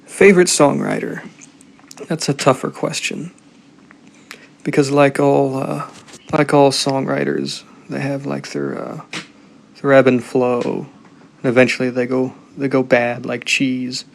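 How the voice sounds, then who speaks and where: A man sending a recorded answer to a podcast, speaking in a thoughtful, soft-spoken way. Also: medium pitch, fairly even intonation, measured pace, vocal fry, long pauses. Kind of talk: casual recorded message.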